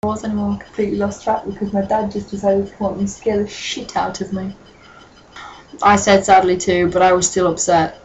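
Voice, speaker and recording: A woman's voice: medium pitch, completely flat delivery, brisk, darkish tone, dull audio, slight background noise. A woman giving a comic reading with sarcastic, profane asides. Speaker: dramatic reader.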